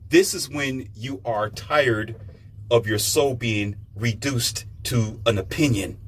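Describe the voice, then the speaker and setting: A man's voice: medium pitch, slow pace, fairly bright tone, slight background noise. A man hosting his own audio show, talking in an emphatic, preachy monologue that repeats phrases and speaks straight to the listener, with an American accent. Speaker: podcast host. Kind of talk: motivational monologue.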